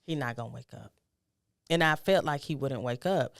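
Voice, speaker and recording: A woman's voice: moderate pace, gravelly, dry recording, studio quality. Grieving mother telling her story. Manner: emotional, acts out quoted dialogue with rising pitch. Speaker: guest. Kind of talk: personal storytelling in conversation.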